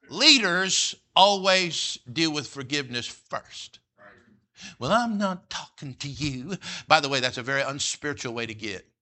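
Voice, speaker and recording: A middle-aged male pastor preaching in a folksy, joking way. His voice sits a bit high and rings very bright and forceful. He keeps checking in with the congregation with quick "all right?" asides. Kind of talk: sermon.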